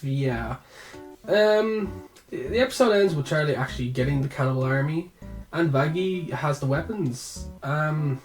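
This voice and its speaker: A man giving a casual, profane video review, excitable and prone to sudden outbursts. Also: on the high side. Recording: echoey room, far from mic, music behind.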